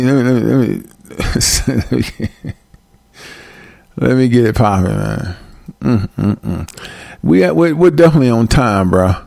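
A man's voice: medium pitch, gravelly, no room sound. A man hosting a livestream, ranting casually with lots of profanity and frequent laughter. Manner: profane, laughing often, animated. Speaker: livestream host.

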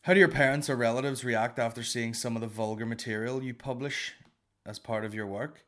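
A man's voice: medium pitch, steady tone, fairly quick, fairly bright tone. A man with a Northern Irish accent hosting a comedy podcast alone, answering listener questions in a sweary, rambling, self-mocking way. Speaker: podcast host. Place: alone in a room.

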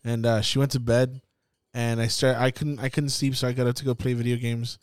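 A young man hosting a podcast, telling a story in a casual, profane, animated way and acting out the scenes. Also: mid-range voice, a little fast, clean tone, no echo, studio quality. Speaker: podcast host. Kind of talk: casual chat.

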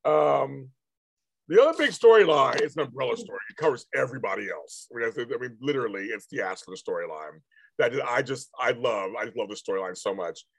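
A man's voice: medium pitch, lively intonation, fairly quick, creaky. A man hosting a casual chat show, talking animatedly and acting out characters' lines. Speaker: podcast host. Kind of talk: casual chat about a soap opera.

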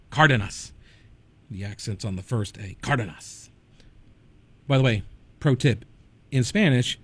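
A man hosting a talk radio show, giving conversational commentary full of digressions and wry asides. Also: mid-range voice.

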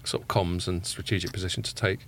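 A man hosting a casual podcast, relaxed and steering the conversation. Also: deep voice, fast talker, a little hiss or hum. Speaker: podcast host.

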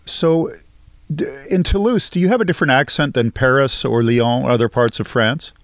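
A male podcast host with a middle-pitched voice, putting questions to a guest in a friendly, joking way. The recording is dry and close, with no room sound. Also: moderate pace, no echo. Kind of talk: interview questions.

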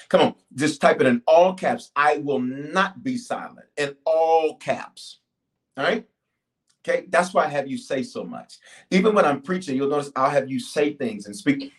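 A male pastor with a fairly high voice preaches to a live and online congregation. He keeps calling on his listeners to answer back. His delivery jumps between loud urging and low, drawn-out prayer. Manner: animated, call-and-response, urging the audience to answer. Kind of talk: livestreamed sermon and prayer. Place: church stage filmed by several cameras.

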